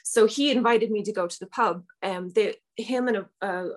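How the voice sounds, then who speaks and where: Woman, young adult, chatty storyteller, laughs a lot, trips over restarts, medium-pitched voice. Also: normal speed. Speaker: guest. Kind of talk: storytelling in casual chat.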